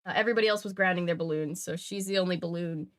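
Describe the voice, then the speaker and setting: Her voice fairly low and her pace racing, a woman hosting a stream reads comics aloud while chatting casually. Sentences regularly trail away before she begins them anew.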